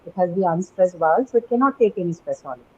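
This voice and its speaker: A woman lecturing on pronunciation in a calm, explanatory way, her voice mellow and even. She keeps checking that the class follows her with "right?". The recording sounds dull and lo-fi. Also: fairly low pitch, fast talker, slight background noise. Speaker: English teacher. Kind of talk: classroom lecture on word stress.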